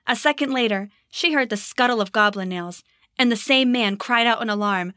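A woman narrating a storybook in an expressive, measured way. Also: fairly high pitch, no echo, clean studio sound. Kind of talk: storybook reading.

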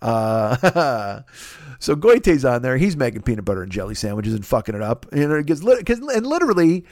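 A man's voice: fairly high pitch, big pitch swings, fast talker, a little mellow, no room sound, studio quality. A man hosting a podcast, rambling through a profane, sarcastic comedy rant and slipping into silly voices. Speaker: podcast host.

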